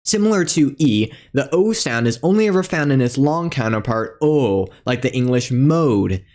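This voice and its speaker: A man narrates a scripted language lesson at an ordinary middle pitch. He moves steadily from one sound to the next, spelling out letters and example words with care. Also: animated, moderate pace, darkish tone. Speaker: language teacher.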